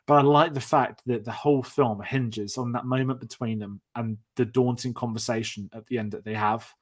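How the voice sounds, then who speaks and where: A man's voice: medium pitch, steady tone, moderate pace. A man hosting a film-review podcast, rambling and restarting as he talks. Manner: chatty, rambling, restarts often. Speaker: podcast host. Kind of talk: casual film-review chat.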